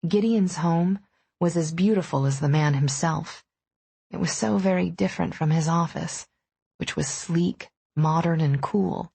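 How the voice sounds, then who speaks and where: A woman narrating a first-person romance audiobook in a steady, intimate storytelling manner. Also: fairly low pitch, unhurried, vocal fry, slightly rough, dry recording.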